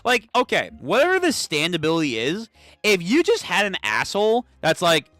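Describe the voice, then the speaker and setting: A young man hosting a casual comic read-through, excitable and swearing freely. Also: high-pitched, normal speed, no echo, faint music behind. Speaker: channel host.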